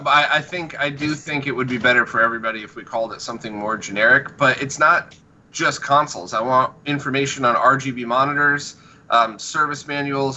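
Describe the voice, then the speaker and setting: Bright sharp-sounding guy hosting a podcast, laughs a lot, some hiss behind. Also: medium pitch, poor audio. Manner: laughs often, swears casually. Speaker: podcast host. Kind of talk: casual chat.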